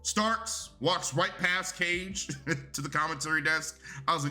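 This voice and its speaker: A man's voice: on the high side, measured pace, bright, forceful tone, soft background music. A young man giving a casual, rambling and profane review of a wrestling show.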